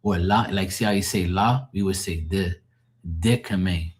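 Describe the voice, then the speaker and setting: A man's voice: low voice, normal speed. A man hosting a live stream, chatting loosely with viewers, casual and explanatory, swearing now and then. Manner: loose, chatty, explaining language differences to chat; swears casually, laughs easily.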